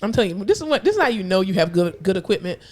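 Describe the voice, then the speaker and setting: A young woman co-hosting a podcast in casual chat, animated and laughing, with a stuffed-up nose. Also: medium pitch, rapid-fire. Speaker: podcast co-host.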